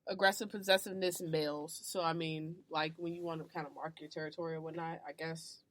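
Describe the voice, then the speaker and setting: A woman's voice: low-pitched, flat delivery, fast talker, dry recording. A young woman, a college student, co-hosting a casual podcast, chatty and slangy. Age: young adult. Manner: chatty, slangy, laughs easily. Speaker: podcast co-host.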